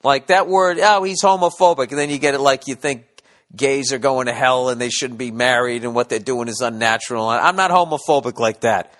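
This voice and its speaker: A man's voice: mid-range voice, brisk, a bit bright, long reverb tail. A man hosting a comedy podcast, talking in a blunt, rambling monologue with constant swearing. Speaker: podcast host.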